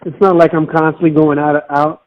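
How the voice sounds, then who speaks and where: Chatty man with a higher voice. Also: flat delivery, brisk, lo-fi sound. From Miami, United States. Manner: chatty, rambling storyteller. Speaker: podcast co-host. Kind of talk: casual chat.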